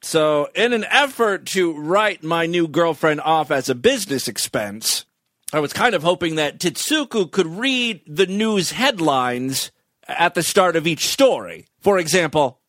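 A man hosting a comedy podcast, his voice high and bouncing up and down as he delivers sarcastic asides. The recording is close and dry, with no room sound. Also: expressive, unhurried, fairly bright tone, no echo. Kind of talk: deadpan comedic monologue.

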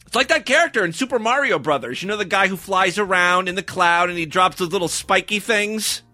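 A man's voice: sits high, a little fast, sharp tone, no echo, faint music behind. A man hosting a podcast, giving sarcastic, crude, rambling commentary on clips. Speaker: podcast host. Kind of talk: casual comedic commentary on clips.

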